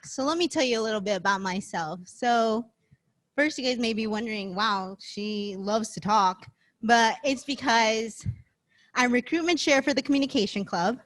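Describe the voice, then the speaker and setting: A woman's voice: a little high, normal speed, fairly bright tone. A young woman in her twenties, a scholarship recipient, giving a chatty, heartfelt thank-you speech at a banquet, close to tears. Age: 20s. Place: banquet event.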